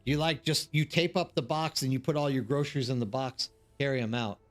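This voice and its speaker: A man's voice: medium pitch, fairly even intonation, brisk, faint music behind. A man hosting a live stream, telling rambling anecdotes to his chat with lots of fillers and restarts. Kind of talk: casual chat with viewers. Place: living abroad in South Korea.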